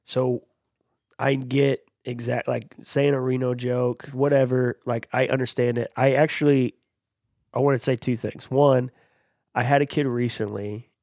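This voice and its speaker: A man co-hosting a podcast in casual chat, telling lively stories and chiming in to agree with his friend. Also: mid-range voice, no room sound, studio quality. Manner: lively storyteller who quickly agrees and chimes in. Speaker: podcast co-host.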